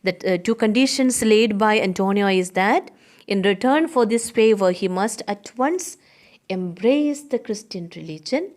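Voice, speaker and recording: A woman's voice: medium pitch, animated, unhurried, darkish tone. A woman teacher with an Indian English accent, explaining a play line by line in class and paraphrasing it simply. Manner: reads lines aloud, then paraphrases them simply; often adds the tag question "isn't it?".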